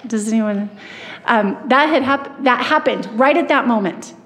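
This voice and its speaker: A woman's voice: fairly high pitch, a little slow, a bit bright. A woman giving a personal testimony talk at church, telling her story earnestly with many fillers and restarts. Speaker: church speaker. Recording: long reverb of a hall.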